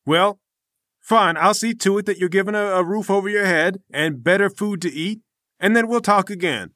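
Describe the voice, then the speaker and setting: A man's voice: sits high, normal speed, sharp tone, no room sound, studio quality, pitched above the performer's own voice. A man voicing a pompous, heavyset male temple master who speaks in a haughty, formal way. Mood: indignant.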